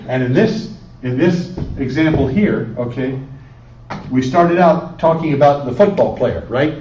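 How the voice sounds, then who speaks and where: A man's voice: mid-range voice, lively intonation, a little slow, a little mellow, slight background noise. A man teaching a Spanish class, prompting students with repeated questions and coaching their answers. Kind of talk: classroom lesson. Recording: echoey room, distant lo-fi camera audio.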